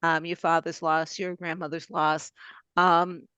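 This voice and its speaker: A woman's voice: low voice, little pitch movement, unhurried, bright, forceful tone, clean tone, no room sound. A woman from Boston hosting a podcast, chatting in an upbeat, conversational way with frequent fillers. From Boston, USA. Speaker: podcast host. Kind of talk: casual interview chat. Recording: dry, slightly dull lo-fi sound.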